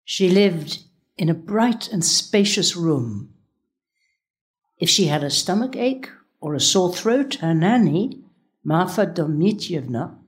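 A woman narrating a story in a calm, measured, unhurried reading. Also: lowish voice. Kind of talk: audiobook narration.

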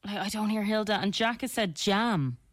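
A woman's voice: mid-range voice, normal speed, no room sound, clean studio sound. An Irish woman co-hosting a radio show, chatting in a playful, casual way. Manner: lively, playful. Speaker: radio co-host. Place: radio studio. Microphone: studio mic.

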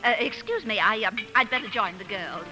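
A woman's voice: medium pitch, animated, fairly quick, over music, close to an everyday voice. An actress in a 1940s radio play, playing a prim, easily flustered, possessive middle-aged mother. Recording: scratchy old radio broadcast.

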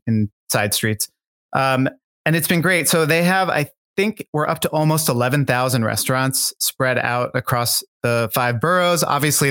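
A male guest talks in a loose, conversational way, circling his points with plenty of ums and restarts. His voice sits at an ordinary middle pitch for a man. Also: fairly bright tone. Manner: rambling and thoughtful, many fillers and restarts. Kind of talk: casual interview talk.

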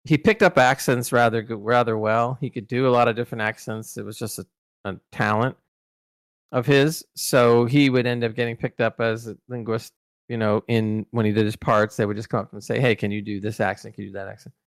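Male podcast co-host, mid pitch, rambling anecdotal storyteller, dry close mic. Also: fairly even intonation, moderate pace, no room sound. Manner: rambling storyteller, many restarts and fillers. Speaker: podcast co-host recalling celebrity interviews. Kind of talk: casual podcast chat.

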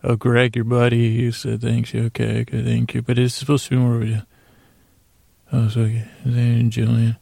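A man's medium-pitched, creaky, dark voice stays monotone and unhurried as he hosts a podcast. During a playful thank-you segment he rambles, thanking listeners and addressing imaginary creatures. The recording is dry.

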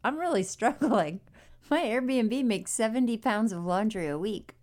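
A woman's voice: fairly high pitch, expressive, unhurried, a little mellow. A woman hosting a podcast in casual chat, candid and laughing often, talking freely with swear words. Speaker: podcast host. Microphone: desk mic.

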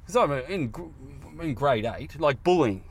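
A man's voice: medium pitch, lively intonation, unhurried. An Australian man in his fifties, a comedian chatting casually, swearing freely and acting out voices as he tells stories. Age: 50s. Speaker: comedian guest. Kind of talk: casual chat. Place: car park.

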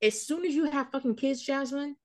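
A woman's voice: high-pitched, brisk. A woman hosting a podcast, chatting casually about a reality show in a blunt, profane, ranting way. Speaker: podcast host. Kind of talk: casual reality-TV recap chat.

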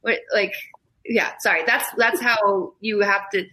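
Bright-voiced rambling woman. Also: medium pitch, steady tone, unhurried, rough recording. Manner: rambling, self-interrupting, laughs through grief. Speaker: podcast guest. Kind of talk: casual chat.

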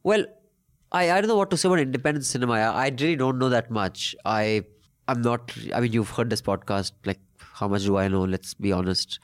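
A man's voice: medium pitch, brisk, clear, resonant tone. Joking Indian man hosting a podcast. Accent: Indian English. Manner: irreverent, swears, mixes Hindi phrases. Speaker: podcast host. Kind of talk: casual banter and reading listener mail.

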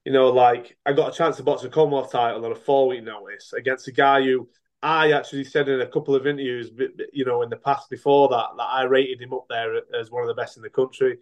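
A man's voice: medium pitch, steady tone, fast. A middle-aged man, a boxer and coach, talking casually in an interview. He speaks frankly, rambling with many restarts and fillers.

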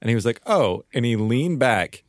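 A man's voice: mid-range voice, lively intonation, brisk, no room sound, studio quality. A man podcast co-host telling a funny story in casual chat.

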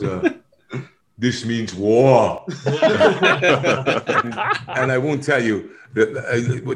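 An actor with a medium-pitched voice tells lively stories in a casual interview over a noisy background. He laughs often and acts out other people's lines.

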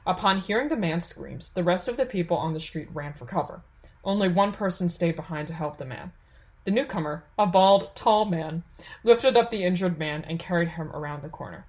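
A woman narrating a fantasy audiobook in a steady, measured storytelling voice. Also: fairly low pitch.

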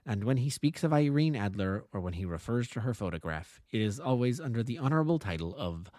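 A man's voice: mid-range voice, expressive, a little fast, darkish tone, no room sound, clean studio sound. Man narrating an audiobook expressively. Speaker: amateur narrator. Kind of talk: audiobook reading.

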